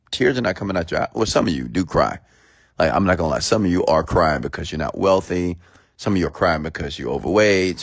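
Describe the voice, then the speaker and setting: Deep gravelly man giving a motivational rant. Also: dry recording, clean studio sound. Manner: emphatic, rhetorical questions. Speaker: motivational speaker.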